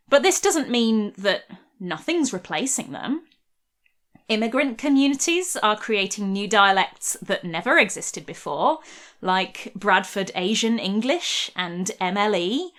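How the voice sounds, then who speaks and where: A woman's voice: a little high, a bit bright. A young woman narrating a scripted history video essay in a wry, conversational way.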